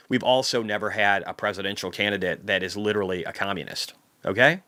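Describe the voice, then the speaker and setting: A man's voice: on the low side, fast talker, bright, forceful tone. A man hosting a market recap livestream, casually ranting with heavy profanity and reading viewer comments aloud. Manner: profane, ranting, heated outbursts.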